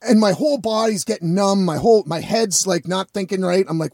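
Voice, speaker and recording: A man's voice: high-pitched, brisk, vocal fry, darkish tone, dry recording, studio quality. A man telling a rambling, profane story in a casual vlog.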